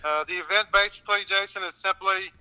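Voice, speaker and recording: Bright-voiced Southern man. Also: sits high, fairly even intonation, fairly quick, clean tone, poor audio. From Louisiana. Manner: polite, answers with "yes, sir". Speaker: guest. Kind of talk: radio interview.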